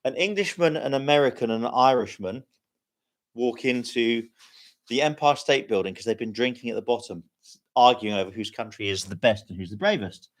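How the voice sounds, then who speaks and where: A man's voice: medium pitch, brisk. Rambling, self-deprecating man on a live stream. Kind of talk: casual live stream chat and joke telling.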